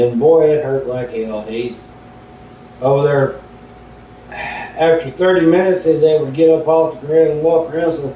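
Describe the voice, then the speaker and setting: A middle-aged man, a vlogger, telling folksy stories in a laid-back, unhurried way while he cooks at home, away from the camera. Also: dark tone. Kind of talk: casual storytelling while cooking. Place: home kitchen. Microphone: camera left far from the speaker. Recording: roomy and distant, faint rumble.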